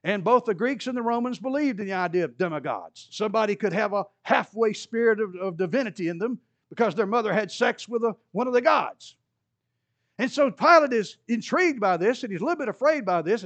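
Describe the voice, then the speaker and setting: Animated and a little quick, this pastor's fairly bright voice carries a sermon that turns scripture into a story. He performs the characters' lines with a rising pitch, and there's no room sound.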